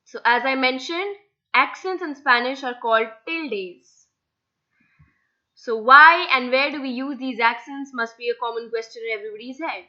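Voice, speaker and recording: A woman's voice: high voice, normal speed, sharp tone, muffled recording. A young woman teaching a beginner language lesson, patiently spelling words out letter by letter. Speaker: Spanish language tutor. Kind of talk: slide-based language lesson.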